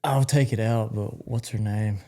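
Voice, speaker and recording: A man's voice: fairly low pitch, steady tone, unhurried, mellow. A man co-hosting a podcast in casual chat, reacting and asking curious questions. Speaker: podcast co-host.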